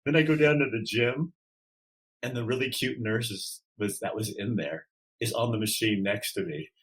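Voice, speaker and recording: A middle-aged man, a podcast guest, telling his story in an animated way and acting out the dialogue. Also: fairly low pitch, moderate pace, low-quality recording. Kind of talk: storytelling in an interview.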